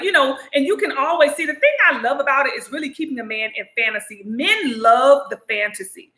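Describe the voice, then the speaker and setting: Emphatic, bright-voiced woman giving advice. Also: high-pitched. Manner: emphatic, direct, repeats "you know what I'm saying". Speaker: relationship advice vlogger. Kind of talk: casual advice monologue. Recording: roomy echo.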